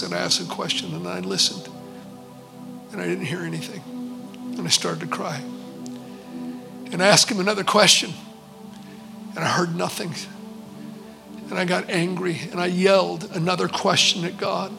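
A man's voice: high voice, fairly even intonation, moderate pace, gravelly, pauses often, over music, low-quality recording. A man preaching, telling his testimony in an earnest, conversational way with quoted dialogue. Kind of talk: sermon testimony storytelling.

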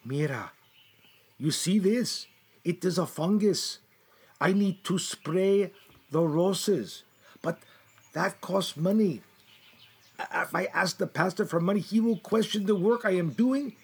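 Husky, fretful man. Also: high voice, slow pace, pauses often. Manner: fretful, muttering to himself, fond with his plants. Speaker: comedic performer as a gardener. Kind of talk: comedy sketch monologue.

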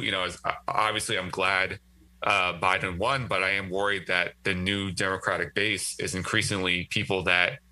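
In a casual political discussion, a male guest writer talks a lot and thinks out loud, often restarting his sentences. His voice is deep with a sharp tone, and the recording quality is low.

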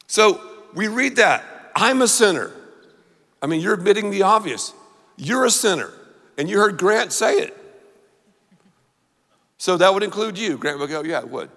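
A man preaching a sermon, leading the congregation to repeat lines back to him in an animated way. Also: sits high, moderate pace, long pauses, long reverb tail. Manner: animated, call-and-response with congregation. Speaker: pastor.

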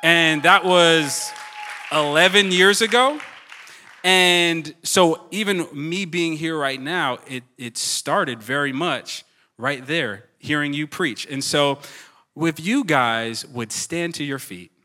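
Earnest young adults pastor, bright voice. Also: male voice, on the high side, slow pace, a faint crowd. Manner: earnest, building to shouted hype. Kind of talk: stage introduction and testimony. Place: large church auditorium.

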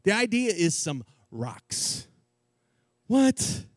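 A male preacher telling a story in an animated, jokey, slangy sermon style. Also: sits high, drawn-out words, dry recording, clean studio sound.

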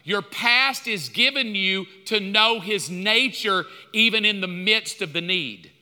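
In a church sanctuary with long reverb, a male pastor delivers a sermon in a high, piercing voice at a slightly slow pace. His preaching is lively and conversational, and he acts out dialogue with God.

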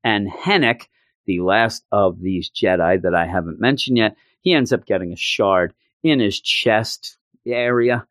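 A man casually recapping a story in an animated, joking, self-mocking way. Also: on the low side, measured pace, no echo, studio quality.

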